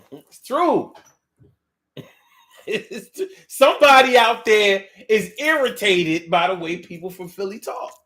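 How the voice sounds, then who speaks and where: A man from Philadelphia with a Philly accent hosts a monologue show in a casual, animated way, his voice sitting high as he takes it slowly and pauses often. He repeats phrases and drawls words out for effect.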